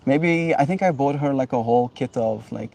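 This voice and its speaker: A man's voice: medium pitch, moderate pace, creaky, warm tone. A man hosting a livestream, chatting casually and rambling with many fillers and restarts. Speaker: livestream host. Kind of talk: casual chat.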